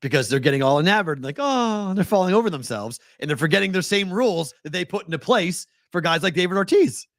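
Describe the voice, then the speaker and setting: A man with a Boston accent, co-hosting a sports betting show, arguing his point heatedly with rapid-fire questions. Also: high voice, expressive, no echo, clean studio sound. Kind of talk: casual sports debate.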